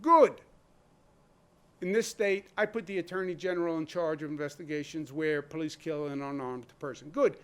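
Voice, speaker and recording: A man's voice: fairly high pitch, steady tone, a little fast, few pauses, smooth. A man speaking as a state governor in a public briefing, blunt and emphatic, driving his points home with rhetorical questions. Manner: blunt, conversational.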